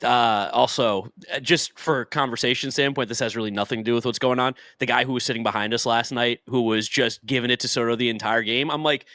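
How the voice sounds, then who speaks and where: A young man, co-hosting a podcast and reacting with animated emphasis. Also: mid-range voice, a little fast, few pauses, no room sound. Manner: animated, swings between emphatic and dry. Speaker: podcast co-host. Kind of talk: casual sports talk.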